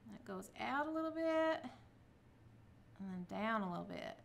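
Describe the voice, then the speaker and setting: A woman's voice: fairly high pitch, lively intonation, normal speed, creaky, slight background noise. A middle-aged woman, chatting through a casual craft tutorial and cheering herself on as she works. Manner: chatty, self-encouraging, talks to viewers. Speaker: craft vlogger.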